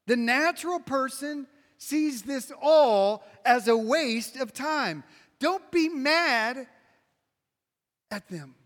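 Male pastor, high-pitched, preaches with repetitive emphasis and sharp loud-soft swings, long hall echo. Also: slow. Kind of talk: sermon. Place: large room with an audience.

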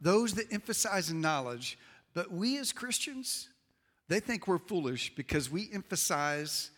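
A man with a high, bright voice delivers a sermon in a church, sinking to low, quiet emphasis and then climbing loud and high at his peaks. His voice carries through the sanctuary's long reverb. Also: sing-song, unhurried. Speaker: pastor. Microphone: handheld or wireless mic.

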